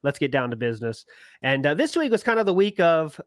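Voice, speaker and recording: Male podcast host, slightly high pitch, crude and jokey. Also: very animated, brisk, no echo, clean studio sound. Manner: crude joking, laughs often, mock voices. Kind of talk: casual podcast chat.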